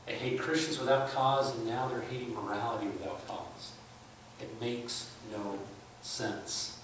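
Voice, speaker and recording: A man's voice: medium pitch, fairly even intonation, measured pace, background noise. A man preaching at a conference, emphatic, acting out both sides of his debates with skeptics. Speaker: conference speaker. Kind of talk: sermon. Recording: echoey church hall from far off.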